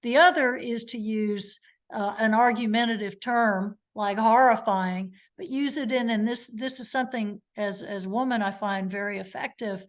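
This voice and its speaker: A woman's voice: on the high side, moderate pace. Woman lawyer teaching in a webinar. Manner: storytelling, acts out witness and lawyer exchanges. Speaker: trial lawyer giving a legal education talk. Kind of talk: live webinar lecture.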